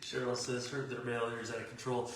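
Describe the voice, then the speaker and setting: A man's voice: medium pitch, little pitch movement, brisk. A man co-hosting a live painting stream, reading viewer comments and teasing his partner with a lot of laughter. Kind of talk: joking live-stream banter. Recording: very echoey room with crowd noise.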